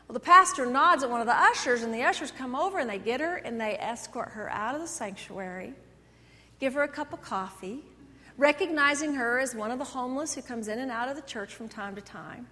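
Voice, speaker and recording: Woman pastor preaching, high voice, long church echo, goes loud then soft. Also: normal speed. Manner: animated storytelling, swings between loud and soft. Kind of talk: sermon. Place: church sanctuary. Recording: echoey church hall.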